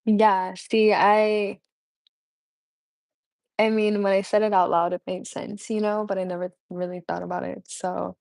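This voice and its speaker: Woman, livestream host, unhurried rambling chat, close dry mic. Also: medium pitch, flat delivery, gravelly, a little mellow, no room sound. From United States. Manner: rambling, laughs often, many fillers. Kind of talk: casual live chat.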